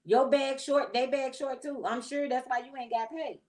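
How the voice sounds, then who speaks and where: Woman host; opinionated, slangy vlog talk aimed straight at the viewer, pitched a bit high. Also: steady tone, moderate pace, a little mellow, low-quality recording. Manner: chatty, opinionated, slangy, direct address. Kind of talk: casual commentary vlog.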